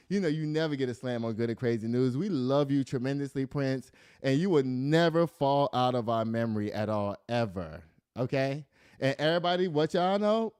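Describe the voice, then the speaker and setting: A man's voice: mid-range voice, smooth, no echo, studio quality. A middle-aged man hosting casual news commentary, reading stories aloud and riffing with laughter. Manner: animated, laughing, reads stories aloud then riffs.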